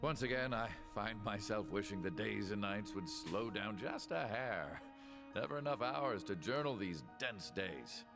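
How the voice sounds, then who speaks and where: An actor playing a learned, curious male scholar companion in a video game, speaking in a measured, musing way. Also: fairly low pitch, expressive, gravelly. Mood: brisk. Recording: game audio over music.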